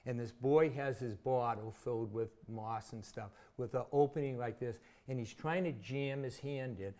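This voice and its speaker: A former teacher in his sixties from Massachusetts chats as an interview guest, his warm, medium-pitched voice keeping a moderate pace. His casual storytelling is full of vivid anecdotes and self-mocking humor.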